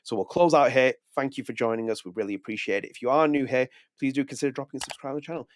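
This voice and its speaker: A man co-hosting a video podcast, talking casually in a rapid, animated way with frequent restarts. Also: mid-range voice, dry recording, clean studio sound. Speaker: podcast co-host. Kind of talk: casual chat.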